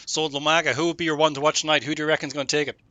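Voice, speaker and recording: A man with a very bright, fairly high voice hosts a live sim racing broadcast from home. He keeps the banter jokey and upbeat. The sound is dry and close. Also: level tone, quick pace, dry recording. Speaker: race broadcast host. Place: home setup on a remote call.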